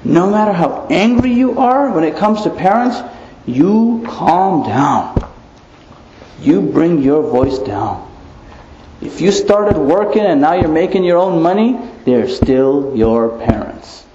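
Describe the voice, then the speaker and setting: A man giving an Islamic lecture, animated, asking rhetorical questions and tossing in playful asides. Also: on the high side, slow pace, slight background noise. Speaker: preacher. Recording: echoey muffled room recording.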